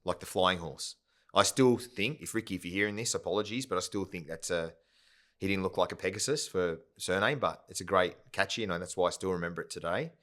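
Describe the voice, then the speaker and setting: Deep-voiced man telling stories. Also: brisk, fairly bright tone. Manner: rambling, full of "yeah?" and "right?" tags. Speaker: podcast guest, company founder. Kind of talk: casual storytelling interview.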